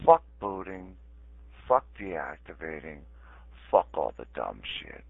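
A man's voice: low voice, sing-song, takes it slowly, creaky, slightly rough, no echo. Angry man ranting over tinny voice chat. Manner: angry, threatening, repeating himself. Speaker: chat room user. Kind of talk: heated voice chat rant. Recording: tinny phone-like voice chat audio.

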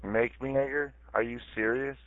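A man's voice: medium pitch, steady tone, normal speed, dry recording. A man ranting angrily and making threats in a heated voice chat, repeating himself over and over. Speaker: chat room user. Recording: tinny phone-like voice chat audio.

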